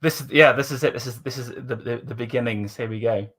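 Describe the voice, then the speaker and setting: A man's voice: mid-range voice, fast talker, a bit bright. A man chatting casually as co-host over a video call, a self-described curmudgeon who stammers into his sentences. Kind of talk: casual chat commenting on videos.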